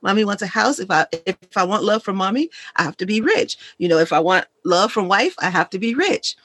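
A woman guest and money coach in a conversational interview, telling stories in an animated, emphatic way. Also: medium pitch, a little fast.

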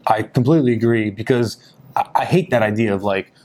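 A man hosting a marketing podcast, talking casually with lots of fillers and quick laughs. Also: lowish voice. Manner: animated, laughs often, many fillers. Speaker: podcast host.

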